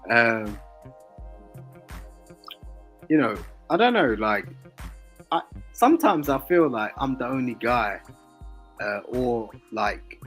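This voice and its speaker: A man's voice: on the low side, a bit bright. A man on a podcast panel, talking hesitantly and searching for his words. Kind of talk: casual chat.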